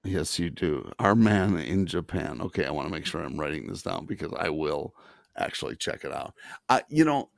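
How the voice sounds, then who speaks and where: A man with a low, gravelly voice co-hosts a podcast in easy casual chat. He often stops and restarts mid-sentence, and the sound is dry and close. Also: sing-song, no echo. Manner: chatty, halting restarts, frequent laughs. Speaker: podcast co-host.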